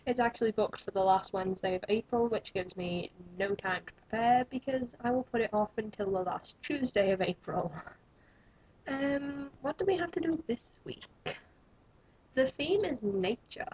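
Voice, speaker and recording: A woman's voice: a little high, normal speed, darkish tone, breathy edge. A young woman, chatting to camera in a rambling, self-mocking vlog. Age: young adult. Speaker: vlogger. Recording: dull lo-fi webcam audio.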